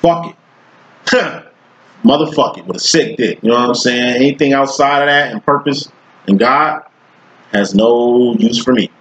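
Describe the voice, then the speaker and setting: A man giving a casual tarot reading, talking bluntly with heavy cursing and slang, rhythmic and jumping in pitch to hit his points. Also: normal speed, a bit bright, low-quality recording. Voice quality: profane, blunt and streetwise, with slang. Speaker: tarot reader.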